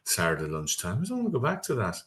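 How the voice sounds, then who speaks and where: Middle-aged man, lowish voice, dry wit, football podcast co-host. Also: wildly swooping pitch, quick pace, fairly bright tone. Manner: dry, wisecracking banter. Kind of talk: casual football chat.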